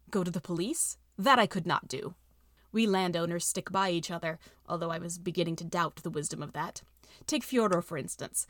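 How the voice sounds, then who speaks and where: A woman's voice: lowish voice, dry recording, studio quality. Woman reading a story aloud. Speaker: audiobook reader.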